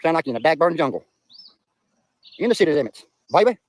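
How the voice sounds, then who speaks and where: Outdoors by a river, a man from Eastern Kentucky, USA, chats on a livestream in his Appalachian accent, rambling and cursing freely. His fairly high voice swings widely in pitch, moves at a quick pace, and carries no echo.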